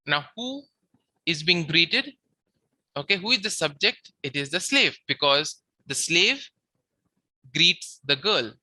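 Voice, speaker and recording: Bright, animated teacher with a dry close sound. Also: mid-range voice, dry recording. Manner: patient, repeats key words for emphasis. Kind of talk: slide-based lecture.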